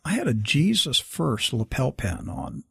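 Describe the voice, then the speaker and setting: Husky, lively-voiced man telling a story. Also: mid-range voice, measured pace, dry recording, studio quality. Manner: animated, acts out quoted dialogue. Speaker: guest storyteller. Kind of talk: casual spoken storytelling.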